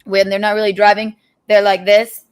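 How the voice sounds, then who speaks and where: A woman's voice: medium pitch, completely flat delivery, normal speed, clear, resonant tone. A woman, the host's partner, teasing him with exasperated, laughing complaints. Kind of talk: casual teasing chat.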